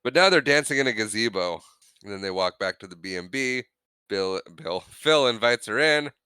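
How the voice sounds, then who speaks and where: A man recaps a film scene by scene in casual podcast chat, slipping into the characters' lines as he goes. His voice sits low but comes out bright and clean, recorded dry on a close mic. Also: animated, moderate pace, clean tone, dry recording. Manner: retells scenes acting out quotes. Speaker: podcast co-host.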